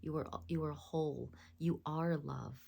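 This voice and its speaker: A woman speaking as a spiritual voice coach, gentle and affirming, sometimes dropping into a soft whisper. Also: low-pitched, steady tone, unhurried, creaky, breathy edge. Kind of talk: spiritual self-help talk.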